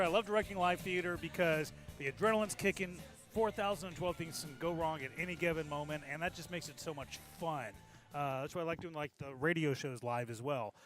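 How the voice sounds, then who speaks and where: Playful, higher-voiced male co-host. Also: fairly bright tone. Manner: playful, quick to joke. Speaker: radio co-host. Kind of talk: casual on-air banter.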